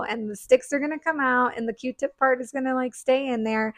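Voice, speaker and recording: A woman's voice: sits high, moderate pace, few pauses, dry recording. Bubbly laughing woman, dry close sound. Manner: bubbly, laughs often, animated storytelling. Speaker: podcast host, esthetician. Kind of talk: casual chat.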